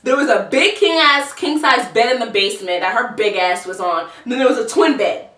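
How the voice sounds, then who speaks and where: A woman's voice: fairly high pitch, expressive, a little fast, a bit bright. A woman in her twenties telling a storytime vlog in a chatty, profane, slangy way. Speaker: vlogger. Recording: roomy echo, distant mic.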